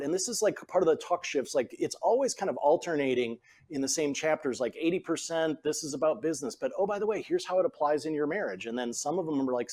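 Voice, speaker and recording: Animated storytelling man, middle-aged. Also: a little high, slightly rough. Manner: animated storyteller, acts out quoted voices. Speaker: guest, former CEO and author. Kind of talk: conversational podcast interview.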